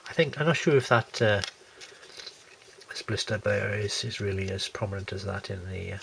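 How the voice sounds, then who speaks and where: Gravelly-voiced man reviewing a model kit. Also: lowish voice, normal speed, fairly bright tone, a little hiss or hum. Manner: rambling, hesitant with many fillers and restarts. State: has a lingering cold. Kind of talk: casual unboxing commentary.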